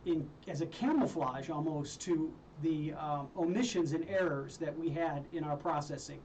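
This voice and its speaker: A man's voice: on the high side, moderate pace, a little mellow. A man hosting a live radio talk show, casual and joking, often laughing and filling gaps with uh and um. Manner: joking, chuckling, with many fillers and restarts. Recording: somewhat distant mic with faint noise.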